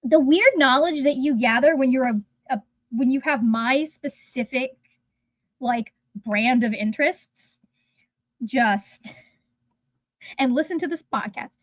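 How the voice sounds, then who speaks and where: A woman's voice: sits high, slow, pauses often, dry recording, highs cut off. A woman hosting a livestream, talking in a rambling, chatty way that often trails off mid-sentence. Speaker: livestream host. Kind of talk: casual livestream chat. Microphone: phone.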